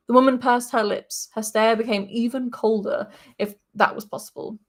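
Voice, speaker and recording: A woman's voice: on the high side, normal speed, hardly any pauses. Woman reading a story aloud. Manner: lively reading, breaking off for casual asides. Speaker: podcast host reading a story. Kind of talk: reading fiction aloud with asides.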